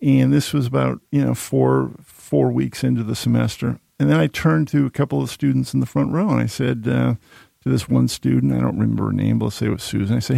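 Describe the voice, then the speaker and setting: A man with a heavily gravelly, mellow voice chats casually as a host and slips into animated, self-deprecating anecdotes. The sound is dry and close. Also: mid-range voice, fairly quick, no echo. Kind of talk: casual storytelling chat.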